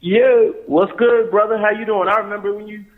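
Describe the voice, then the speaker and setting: A man's voice: sits high, steady tone, a little fast, phone-quality sound. A man who is a guest in a casual interview, talking in a laid-back way and readily agreeing. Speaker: guest, website co-founder.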